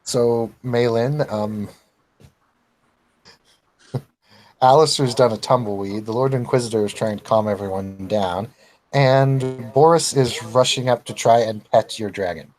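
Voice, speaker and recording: A man narrating as game master of a tabletop role-playing game, in a relaxed, chuckling way. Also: mid-range voice, a little slow, rough recording.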